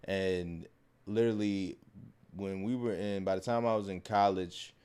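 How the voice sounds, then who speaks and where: A man in his thirties co-hosting a podcast, talking in an animated, casual way and laughing often. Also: sits low, measured pace, clear, resonant tone. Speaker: podcast co-host. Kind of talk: casual chat.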